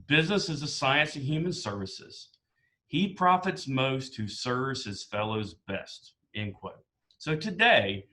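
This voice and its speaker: A man opening a club meeting with earnest remarks, slowing down to stress key phrases. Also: mid-range voice, sharp tone, low-quality recording. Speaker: club president. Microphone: video call.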